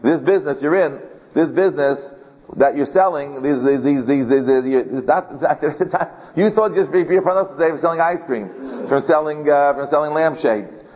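A man's voice: on the high side, normal speed, a little mellow. Rabbi, man, chatty Torah-class storyteller, repeats himself, recorded muffled in a long-echo hall. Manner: chatty, repeats words, chuckles often. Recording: dull recording in a reverberant hall.

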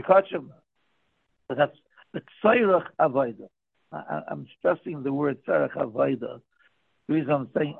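A man with a raised, gravelly voice and a husky, raspy edge leads a daily Talmud class. He works through the text by asking questions aloud and then answering them. The sound comes through a thin, tinny phone-like line. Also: on the high side. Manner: explains by asking and answering his own questions. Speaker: Talmud teacher.

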